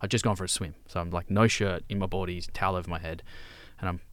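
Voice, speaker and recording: A low-pitched Australian man spins an animated anecdote with plenty of matey slang. His voice is dry and close to the mic, with no room echo. The conversation is relaxed and conversational. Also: quick pace. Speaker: podcast co-host. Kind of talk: casual chat.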